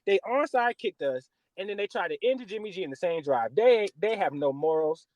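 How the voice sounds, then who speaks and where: A man's voice: high-pitched, normal speed, few pauses, no room sound. A man from the US West Coast hosting a podcast, ranting about football with lots of swearing. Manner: animated, profane sports rant. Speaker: podcast host. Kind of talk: casual sports podcast chat.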